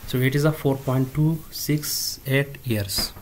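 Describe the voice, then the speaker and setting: A man teaching a database tutorial step by step, halting often with fillers and restarts. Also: medium pitch, very noisy. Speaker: instructor. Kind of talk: screen-recorded coding tutorial.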